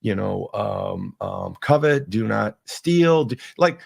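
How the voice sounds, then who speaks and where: Man, podcast host, gravelly voice, earnest rambling faith talk, frequent restarts. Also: medium pitch, measured pace, hardly any pauses. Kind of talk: casual faith monologue.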